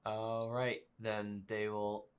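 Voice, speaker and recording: Give me a slow-talking man narrating a tabletop game, full of pauses and ums. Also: fairly low pitch, completely flat delivery, smooth. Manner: halting, full of fillers. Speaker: game master.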